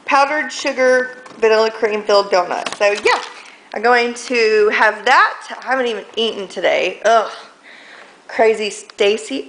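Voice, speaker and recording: A young woman chats loosely to a handheld camera as she wanders through a house, filling gaps with ums and likes. Her voice sits a little high. The room is echoey, with a faint hiss underneath. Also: normal speed, a bit bright. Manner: chatty, rambling, full of ums and likes. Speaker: vlogger. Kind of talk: casual daily vlog chat. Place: indoors at home, walking between rooms.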